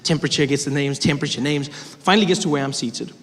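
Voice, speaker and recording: A man from Africa, telling a story on stage in an animated way and acting out every character. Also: on the high side, quick pace. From South Africa. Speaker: stand-up comedian. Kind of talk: stand-up storytelling. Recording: echoey theater with audience noise.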